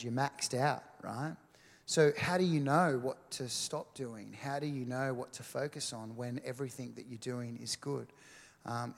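A man's voice: medium pitch, creaky, big-room sound. A man preaching a sermon as a worship pastor, in a conversational style with many "um"s and "right?" check-ins.

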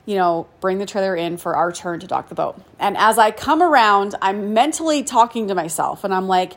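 A woman in her forties telling a personal story in a chatty, self-deprecating way, full of "like" and quick laughs. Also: mid-range voice, lively intonation, a bit bright. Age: 40s. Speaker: podcast host. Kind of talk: casual storytelling monologue.

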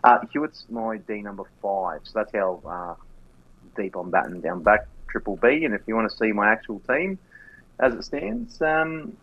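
A man's voice: on the low side, animated, moderate pace, highs cut off. A man, co-hosting a casual fantasy football podcast, talking loosely and swearing now and then. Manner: casual, swears, laughs and yawns. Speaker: podcast co-host.

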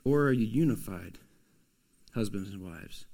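A man preaching a sermon as a pastor, swinging from loud, emphatic pushes to soft, hushed asides. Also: fairly low pitch, lively intonation, a little slow, creaky.

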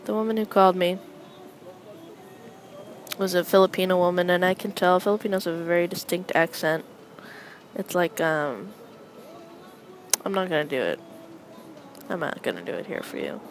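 A woman's voice: fairly low pitch, normal speed, long pauses, slight background noise, low-quality recording. Wry, rambling young woman host. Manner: wry, rambling, deadpan asides. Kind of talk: casual solo chat commenting on passersby. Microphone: close microphone.

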